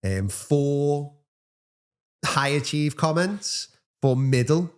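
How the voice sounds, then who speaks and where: A man's voice: a little high, animated, very slow, clear, resonant tone. A man, a teacher co-hosting a casual chat, who tells rambling anecdotes full of quoted dialogue. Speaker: teacher and podcast co-host.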